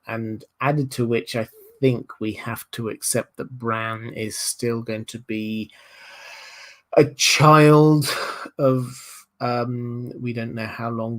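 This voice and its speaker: A man with a Southern English accent, from Hampshire, hosting a livestream and answering viewer questions in a thoughtful, hesitant way with many ums and uhs. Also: medium pitch. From Hampshire, England. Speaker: livestream host.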